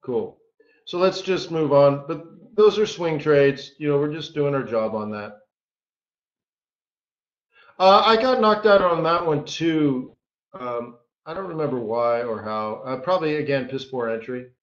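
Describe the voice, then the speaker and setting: A man's voice: fairly high pitch, lively intonation, a little slow. A man coaching traders in a live-streamed lesson, talking in a casual, joking way and often tossing in "right?". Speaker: trading coach. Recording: roomy, dull lo-fi stream audio.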